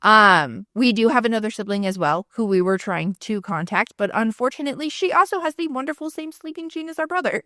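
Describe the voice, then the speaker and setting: A woman's voice: fairly high pitch, brisk, hardly any pauses, dry recording, studio quality. A woman in her thirties co-hosting a podcast, telling a personal story candidly and with frequent swearing. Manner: frank, swears freely, animated retelling. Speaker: podcast co-host.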